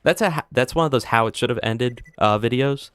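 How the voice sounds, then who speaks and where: A man streaming a game live, telling rambling pun jokes to his chat and bursting into excited reactions. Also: a little fast, smooth, no room sound, clean studio sound. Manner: animated, jumps into high excited outbursts. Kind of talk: live gameplay commentary.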